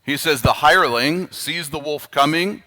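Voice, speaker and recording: A pastor with a Canadian accent preaches at a normal speed, his voice on the high side. His sermon is animated and emphatic, broken at times by quiet, earnest asides.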